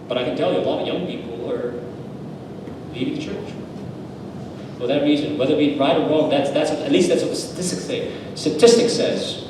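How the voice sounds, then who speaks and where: A man preaches at a seminar, earnest and storytelling, and he punches his points home with emphatic repeated lists. His fairly high voice comes from far off in a church hall. It rings with a long reverb over a faint background hiss. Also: brisk. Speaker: pastor. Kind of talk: seminar talk told through stories.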